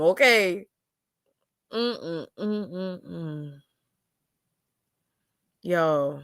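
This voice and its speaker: A sassy young woman reads chat comments on her livestream, drawling out asides. Her voice sits at a middle pitch. The mic is close and dry. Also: moderate pace, no room sound.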